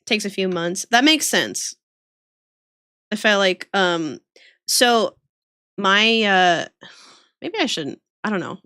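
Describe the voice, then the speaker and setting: A woman's voice: medium pitch, lively intonation, slow pace, long pauses, bright, forceful tone, clean tone, dry recording, clean studio sound. A young woman streamer chatting casually while she draws. She rambles, giggles often and reads chat aloud. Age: young adult.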